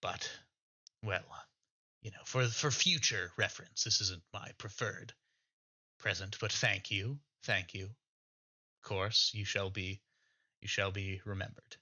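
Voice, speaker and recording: A man plays a boastful, delusional hermit in a tabletop game, rude and full of himself. The voice is bright and sharp, and the recording has a dull, lo-fi quality. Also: lowish voice, fairly even intonation, takes it slowly, long pauses, full character voice. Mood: pompous. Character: arrogant delusional male hermit Vulture.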